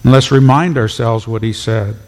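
A man's voice: mid-range voice, fairly even intonation, moderate pace. A man preaching a sermon as pastor, emphatic and repeating phrases for effect. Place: church. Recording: long reverb of a church hall.

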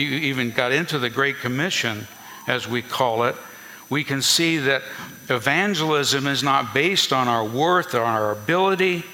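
A man's voice: mid-range voice, pushed and bright, in a large hall. A man preaching a sermon as a pastor, teaching earnestly and repeating key points for emphasis.

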